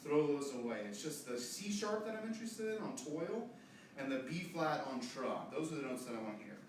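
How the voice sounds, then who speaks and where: A man directing a choir rehearsal, coaching the singers briskly and demonstrating phrases with his voice. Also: on the high side, expressive, a little hiss or hum. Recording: echoey room, distant mic, choir and piano.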